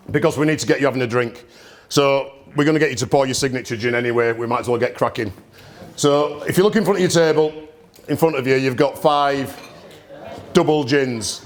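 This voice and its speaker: A man hosting a live gin tasting event, talking bluntly to the audience with cheeky banter. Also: a little high. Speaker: gin distillery host. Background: audience murmur and laughter.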